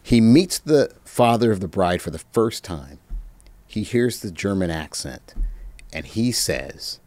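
Low-voiced man, halting and reflective. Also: animated, a little mellow. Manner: halting, reflective, many pauses and fillers. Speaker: interview guest. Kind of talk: reminiscing anecdotes.

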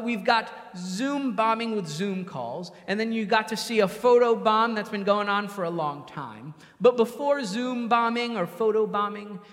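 A man's voice: high voice, fairly bright tone, big-room sound. A man preaching a sermon in a conversational way, acting out the voices of the people he quotes. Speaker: pastor.

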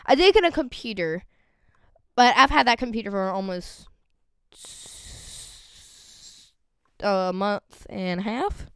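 A teenage girl chatting casually on a podcast, rambling and excitable, with a voice that cracks. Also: mid-range voice, slow, pauses often, smooth, no room sound. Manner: rambling and excitable, lots of fillers. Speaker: vlogger.

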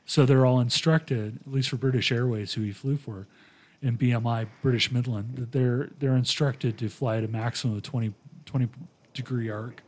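A man hosting a casual podcast chat, telling a long story and acting out quoted lines with lively energy. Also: mid-range voice, moderate pace. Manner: animated retelling with quoted voices. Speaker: podcast host.

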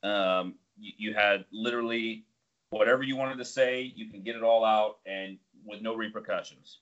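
A man co-hosting a casual chat, telling animated stories and laughing often. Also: fairly low pitch, moderate pace. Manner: animated storyteller, acts out quoted voices, laughs often. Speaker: podcast co-host. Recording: dull lo-fi audio.

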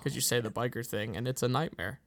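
A young man from Pittsburgh chats casually as a co-host, a faint local accent under his words. His voice carries a gravelly edge and he laughs easily while telling stories. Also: mid-range voice, quick pace. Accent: slight Pittsburgh. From Pittsburgh, USA. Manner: chatty storyteller, laughs often. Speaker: podcast co-host. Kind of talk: casual chat.

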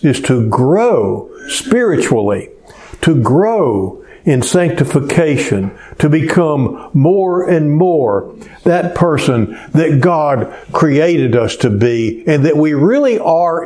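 A man preaching a sermon as pastor, telling a story in a slow, unhurried way. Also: fairly high pitch, sing-song, dark tone.

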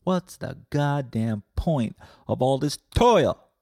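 A man's voice: mid-range voice, animated, takes it slowly, vocal fry, dark tone, no room sound. A man hosting a podcast, ranting with sarcasm, swearing often and rambling. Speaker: podcast host. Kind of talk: comedic profane rant.

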